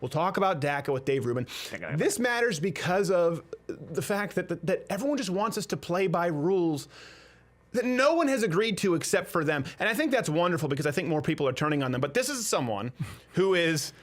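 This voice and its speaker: A male host riffing in casual comedic chat, sarcastic and mocking. His voice sits high and swings widely in pitch. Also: expressive. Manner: sarcastic, mocking, quick jokey asides. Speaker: comedy talk show host.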